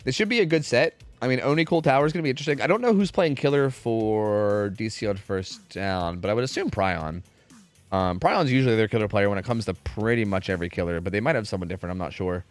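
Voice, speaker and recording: A man's voice: fairly low pitch, expressive, fast talker, soft background music. A young man casting esports scrims live on stream, profane and trash-talking as he commentates.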